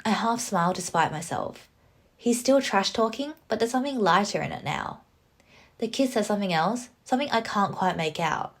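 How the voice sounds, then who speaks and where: A young adult woman reading visual novel narration aloud with expressive, wry asides. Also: medium pitch, normal speed.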